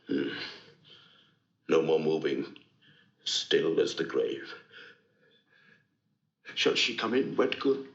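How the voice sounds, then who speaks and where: An actor playing a jealous, tormented general in a 1960s Shakespeare film, declaiming with wild cries and low brooding. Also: male voice, gravelly, pushed and bright, full character voice. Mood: anguished. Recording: dull roomy 1960s film soundtrack.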